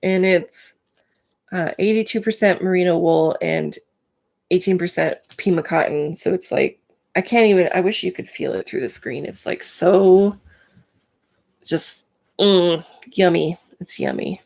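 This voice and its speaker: A woman's voice: fairly low pitch, unhurried, gravelly, a little mellow. A woman hosting a casual live stream, chatting to viewers by name, full of filler words, and in pain today.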